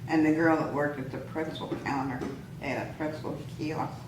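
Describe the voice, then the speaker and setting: A woman's voice: sits low, steady tone, normal speed. An older woman, a grandmother, chatting with family in a matter-of-fact way and giving practical advice. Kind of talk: casual family chat. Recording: echoey room with background noise.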